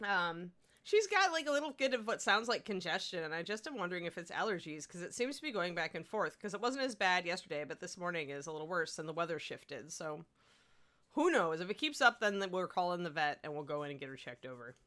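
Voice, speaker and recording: A woman's voice: on the low side, lively intonation, brisk, fairly bright tone. A young woman hosting a casual livestream, chatty and laughing, a little sleepy after a broken night. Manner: chatty, laughing, talks to her dog between remarks. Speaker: host. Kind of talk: casual livestream chat while painting miniatures.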